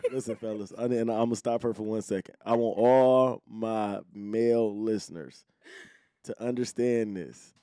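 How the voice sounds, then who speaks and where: A young adult man hosting a podcast in casual, profane, animated chat, speaking to his listeners. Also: lowish voice, unhurried, clean tone, no room sound. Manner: profane, animated, talks straight to male listeners. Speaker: podcast host.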